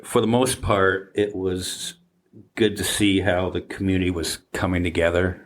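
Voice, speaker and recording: A man in his fifties hosting a casual podcast chat, talking haltingly with many fillers and restarts. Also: deep voice, flat delivery. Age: 50s. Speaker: podcast host.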